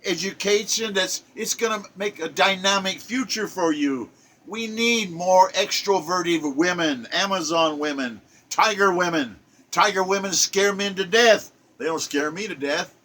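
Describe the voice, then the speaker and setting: A man's voice: sits high, unhurried, a bit bright. An older man delivering a preachy, exhortative spoken monologue, driving his points home by repeating them. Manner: exhortative, preacherly, repetitive emphatic phrasing. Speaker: self-published poet giving a monologue.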